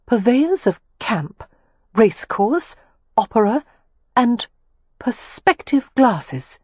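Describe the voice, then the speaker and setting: A woman narrator voicing a sharp, skeptical young lady companion with a prim, questioning manner. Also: mid-range voice, very animated, moderate pace, slightly rough, no echo, voice pushed up. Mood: flustered.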